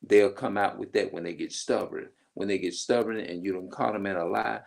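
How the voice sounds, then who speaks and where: Deep gravelly man ranting. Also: fairly even intonation, a little fast. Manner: rambling, emphatic, profane. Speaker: vlogger. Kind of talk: casual monologue.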